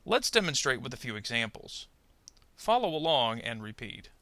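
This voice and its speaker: There's no echo as a man narrates a scripted pronunciation lesson, his very bright voice carrying a little gravel. His pitch swings widely as he leans into stressed words, he lays out every point slowly and clearly, and he over-articulates model sentences at a deliberate pace so learners can repeat.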